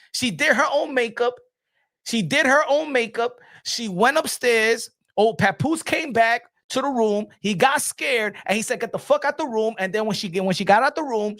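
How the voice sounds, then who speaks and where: A man hosting a boxing stream, ranting in a mocking, slangy way. His voice is high and bounces up and down. He keeps repeating his punchlines. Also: fairly bright tone. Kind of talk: casual ranting commentary.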